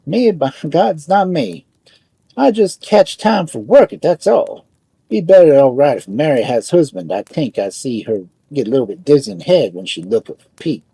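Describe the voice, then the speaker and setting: A huge, easygoing steelworker boasts in broken immigrant English, voiced by a man. The voice is very dark and husky, with lively pitch, and sounds close and dry with no room around it. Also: normal speed, no echo, heavily acted. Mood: cheerful. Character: huge good-natured male steelworker made of steel.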